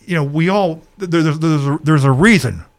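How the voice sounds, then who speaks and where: A man's voice: fairly high pitch, normal speed. A local party official, a man, speaking passionately to viewers about politics and ranting a little as he goes. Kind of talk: political talk addressing viewers.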